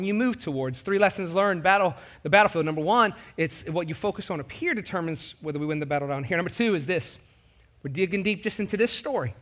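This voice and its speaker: A pastor preaches in a large church. His voice sits high and bright, and he keeps it animated, joking and acting out little voices as he goes. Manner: animated, jokey, acts out voices. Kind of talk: sermon.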